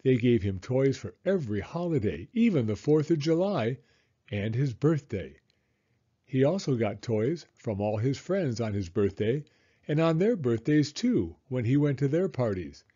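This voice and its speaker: A man reading a children's picture book aloud with expressive emphasis. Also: medium pitch, husky, muffled recording. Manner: expressive, slow and animated. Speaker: children's storyteller. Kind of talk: read-aloud storybook narration.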